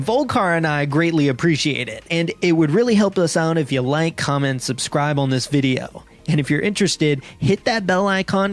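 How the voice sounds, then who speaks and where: A host casually reviewing a board game in an upbeat way, filling sentences with "kind of" as they explain the rules. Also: medium pitch. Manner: upbeat, many "kind of" fillers. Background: background music.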